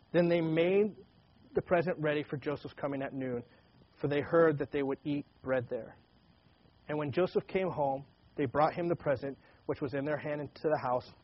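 A man reading Bible passages aloud and retelling them in a casual, animated way, with frequent restarts. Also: fairly high pitch, highs cut off. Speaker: pastor. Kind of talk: Bible teaching, reading and commenting.

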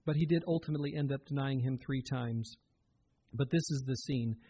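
A man's voice: mid-range voice, a little fast, mellow, husky. A man giving a sermon as a pastor, earnest and conversational, often turning to the listeners with direct questions.

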